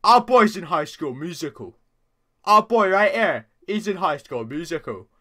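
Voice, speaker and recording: A man's voice: high voice, animated, moderate pace, bright, forceful tone, a little hiss or hum. A teenage boy doing casual reaction commentary as host, stammering and repeating words, laughing often.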